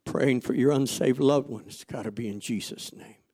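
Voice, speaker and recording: A man preaching a sermon, asking the congregation rhetorical questions and telling stories from his own life, going from loud emphasis to quiet asides. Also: medium pitch, moderate pace. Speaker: pastor.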